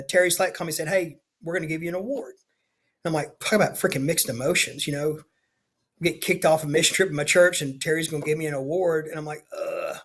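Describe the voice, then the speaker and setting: A middle-aged man speaks in a slightly higher pitch than most men. He is a state senator recounting a personal story as a guest, in an earnest, confessional way, acting out the dialogue he quotes. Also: fairly bright tone. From Louisiana, USA. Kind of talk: personal storytelling in a podcast interview.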